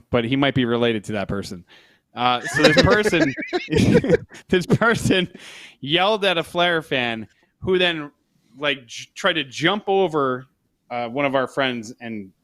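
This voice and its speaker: A man's voice: on the high side, fairly bright tone, dry recording. A man co-hosting a podcast, telling a rambling story in casual chat, laughing as he goes. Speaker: podcast co-host.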